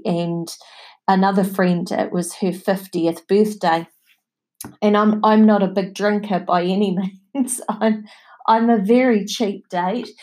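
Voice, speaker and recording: A middle-aged woman hosting a podcast, sharing personal stories in a chatty, heartfelt way and laughing softly now and then. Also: medium pitch. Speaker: podcast host. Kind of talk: reflective personal talk.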